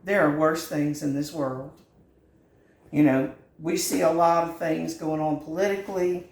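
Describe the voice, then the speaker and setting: A woman's voice: low-pitched, fairly even intonation, unhurried, a little mellow, roomy sound. A middle-aged woman, hosting a home cooking channel in a folksy, earnest and sentimental chat from her kitchen. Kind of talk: heartfelt direct-to-camera chat.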